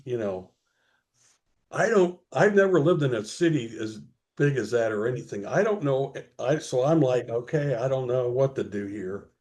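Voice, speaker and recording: A man as an interview guest, telling a rambling story slowly with many fillers. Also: mid-range voice, animated, darkish tone.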